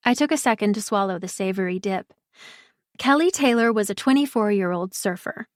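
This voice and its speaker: A woman narrating a first-person audiobook in a warm, conversational storytelling manner. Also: mid-range voice, brisk, no room sound, clean studio sound.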